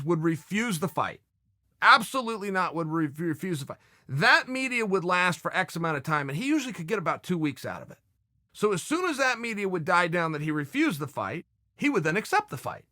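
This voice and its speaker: A man's voice: high-pitched, sharp tone, no room sound, clean studio sound. A man hosting a podcast, telling a wry story in a casual, anecdotal way. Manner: wry anecdotal storyteller who often acts out others' lines. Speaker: podcast host.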